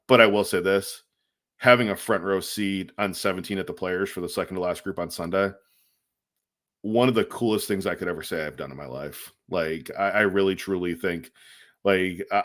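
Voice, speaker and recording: A man with a very deep voice co-hosts a casual podcast. He tells a long anecdote in a loose, chatty way, acting out the quoted lines and filling pauses with ums and likes. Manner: animated storyteller, acts out quotes, many fillers. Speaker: podcast co-host. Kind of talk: casual storytelling.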